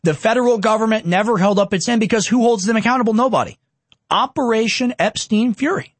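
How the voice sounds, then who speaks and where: A man in his twenties rants fast through heated, sarcastic political commentary. His voice is high for a man, and the recording is close and dry, with no room sound.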